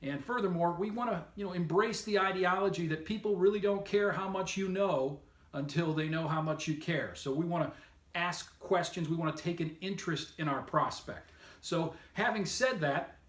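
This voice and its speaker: A man's voice: high-pitched, moderate pace, echoey room. A man giving an upbeat, emphatic sales training lesson, coaching listeners on method. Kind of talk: instructional talk to camera.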